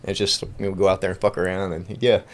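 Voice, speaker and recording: A man's voice: deep voice, little pitch movement, fast talker. A middle-aged man, telling loose, profane stories on a casual podcast. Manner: profane storytelling, acts out quoted voices. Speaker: podcast host. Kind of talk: uncensored casual chat.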